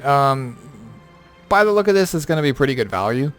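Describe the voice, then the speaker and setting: A gaming content creator who has been up all night rambles through game patch notes, full of fillers and offhand remarks. His medium-pitched voice is sing-song, fairly quick, fairly bright, clear and resonant, with faint music in the background.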